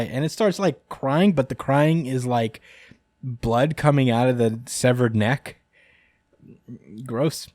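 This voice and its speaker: A man's voice: mid-range voice, slow, dry recording. A chatty man with a dry, close sound. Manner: rambling and chuckling, many fillers. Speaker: podcast host. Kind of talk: casual chat recapping a manga chapter.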